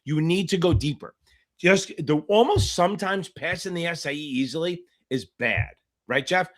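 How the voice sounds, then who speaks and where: A man's voice: a little high, expressive. A middle-aged man tutoring for a finance exam on a live Q&A stream, talking bluntly with constant swearing. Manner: blunt, profane, rapid rants.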